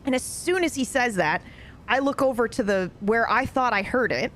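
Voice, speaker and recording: Woman in her thirties, fairly high voice, casual storytelling, animated, swears a lot, faint noise behind. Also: normal speed. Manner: animated, swears freely, grows more excited. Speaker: streamer.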